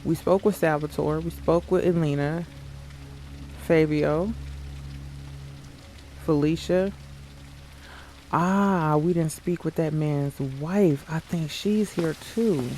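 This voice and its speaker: A man's voice: on the high side, fairly even intonation, takes it slowly, pauses often, warm tone. A man giving casual, joking commentary as he plays a game. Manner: joking, chatty asides. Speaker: gaming channel host. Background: game music.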